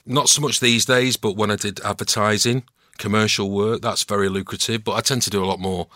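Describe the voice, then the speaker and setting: A middle-aged man with a Mancunian accent, telling stories as a podcast guest in a relaxed, self-mocking way. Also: fairly low pitch, brisk, dry recording, studio quality. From Manchester, England. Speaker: guest actor and voice-over artist. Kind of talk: casual podcast chat.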